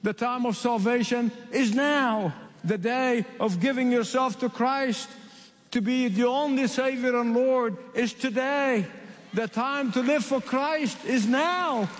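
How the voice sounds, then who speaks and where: A man from the Middle East preaching a sermon, emphatic and repeating key phrases with slow dramatic pauses. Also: extremely high pitch. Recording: long reverb of a large hall.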